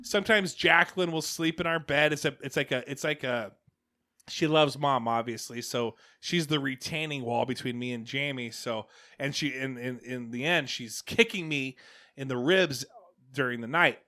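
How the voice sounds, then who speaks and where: A man's voice: medium pitch, normal speed, pushed and bright. A man in his forties hosting a podcast, telling family stories in a rambling, casual way with many restarts. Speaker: podcast host. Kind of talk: casual chat. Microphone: headset.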